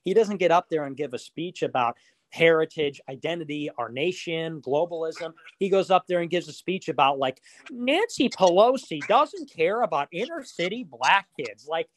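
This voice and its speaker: A man with a slightly high voice talks through a casual podcast chat. He rambles and swears, trails into fillers, and throws in mocking asides. The recording is close and dry, with no room sound. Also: lively intonation, moderate pace, dry recording.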